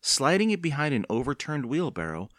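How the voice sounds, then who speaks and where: A man narrating a children's horror book as an audiobook reader, steady and expressive. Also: medium pitch, brisk, no echo, clean studio sound. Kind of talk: scripted storybook narration.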